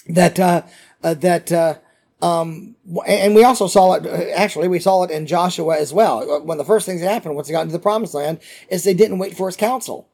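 Mellow, fairly high-pitched male preacher. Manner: reads scripture aloud, pausing to explain, with frequent fillers and restarts. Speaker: pastor. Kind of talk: sermon.

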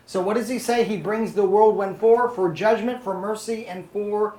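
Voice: medium pitch, normal speed, dark tone. Conversational Bible study teacher in an echoey room. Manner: conversational, often checks in with "okay?" and "are you following?". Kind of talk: Bible study lesson to a small group.

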